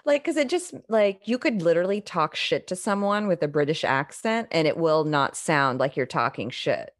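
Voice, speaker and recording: A woman's voice: low voice, lively intonation, moderate pace, no echo, clean studio sound. A woman hosting a podcast, chatting casually and teasing her guest, laughing often. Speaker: podcast host.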